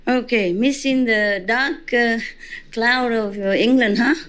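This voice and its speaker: A woman's voice: a little high, measured pace, a bit bright, clean tone. A woman spiritual teacher giving an informal dharma talk to a gathering, chatty and teasing, laughing often.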